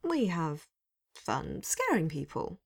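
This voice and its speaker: A woman voicing a cheerful, eager male skeleton who is tall and lanky, speaking hopefully and with excited outbursts. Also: on the low side, slow, vocal fry, husky, heavily acted. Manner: hopeful, bursts into excited exclamations.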